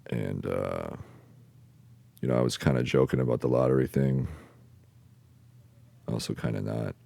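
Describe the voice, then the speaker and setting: Man, very low voice, slow delivery, halting storytelling, frequent fillers, casual swearing. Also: creaky, warm tone. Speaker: podcast host. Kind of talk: rambling personal storytelling.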